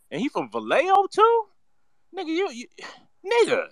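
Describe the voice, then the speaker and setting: A man's voice: a little high, wildly swooping pitch, normal speed, pushed and bright, no room sound. Heated, mocking Bay man ranting. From San Francisco Bay Area. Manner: heated, mocking, full of slang and cursing. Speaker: political commentator. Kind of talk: profane ranting commentary.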